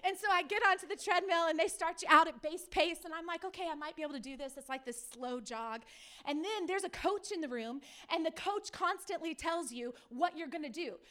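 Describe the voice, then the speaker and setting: A woman pastor delivers a sermon in a very high voice. She tells her stories with energy, acting out the people in them and asking her listeners questions directly. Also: moderate pace. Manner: lively storytelling, acts out quoted people; speaks to the audience directly with questions.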